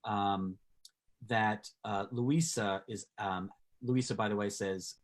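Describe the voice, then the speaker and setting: A man hosting an online talk show, asking halting questions full of fillers over a video call. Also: fairly low pitch, fairly even intonation. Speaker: host.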